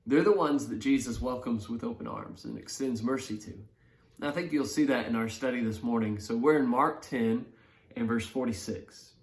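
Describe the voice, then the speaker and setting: A man leading a morning Bible study who reads scripture aloud and then explains it in a relaxed, conversational way. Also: mid-range voice. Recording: roomy echo.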